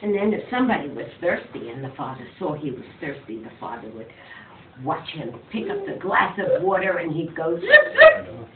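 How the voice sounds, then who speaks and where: A woman telling a story to a child, with dramatic swings of voice for effect. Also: medium pitch. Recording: far from mic, phone-like, echoey, faint noise.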